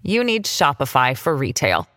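Low-voiced woman reading an ad. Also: huge pitch swings, normal speed, a bit bright, no echo, clean studio sound. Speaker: ad reader. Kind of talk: read commercial.

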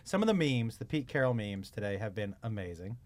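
Brisk and on the low side, this man co-hosts a podcast, narrating casual stories with animation, plenty of swearing, and acted-out quotes.

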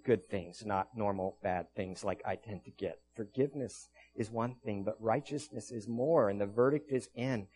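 A man's voice: on the low side, darkish tone. A male pastor preaching a sermon in an earnest, storytelling way, with frequent restarts, ending in prayer.

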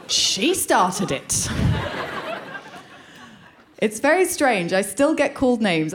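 Woman, stand-up comedian, wry deadpan delivery, lively intonation. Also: mid-range voice, a little hiss or hum. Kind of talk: stand-up routine.

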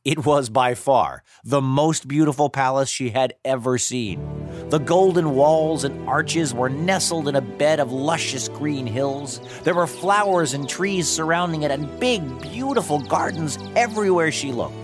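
A man hosting and narrating a story in an expressive, playful manner. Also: a little high, a little slow, music in the background. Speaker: host and narrator.

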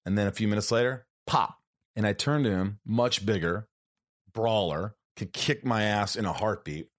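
A man in casual conversation, telling stories with animated quoted dialogue and frequent swearing. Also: fairly low pitch, moderate pace. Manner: animated storyteller, acts out quotes, swears often. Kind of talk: casual storytelling chat.

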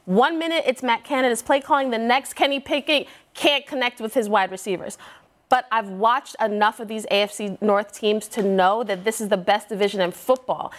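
A woman's voice: on the high side, fairly even intonation, normal speed. A woman football reporter arguing her point on a sports debate show, playful and confident. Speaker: NFL reporter guest.

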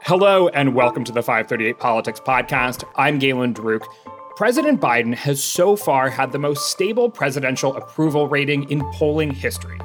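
A man's voice: mid-range voice, expressive, moderate pace. Podcast host, male, upbeat and joking, casual studio chat, light music bed.

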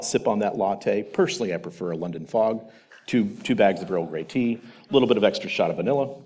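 Husky, animated male Christian teacher. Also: fairly low pitch. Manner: animated storytelling, speaking straight to the listener.

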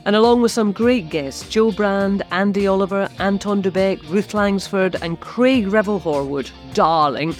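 A woman of about sixty hosts a podcast and reads its promo in a breezy, wry way. Her pitch sits in the middle of the range. Light music plays softly behind her. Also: unhurried, few pauses. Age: around 60. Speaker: podcast host.

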